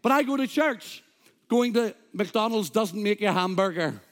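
A man with a notably high voice preaches a sermon from the pulpit. He delivers it emphatically, quoting scripture and throwing in humor for the congregation. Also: expressive, moderate pace. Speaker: pastor. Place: church.

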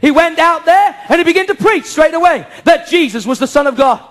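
A man preaching a sermon to a church congregation, impassioned, firing off rhetorical questions and breaking into shouts. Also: very high-pitched, fairly quick. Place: church service before a congregation.

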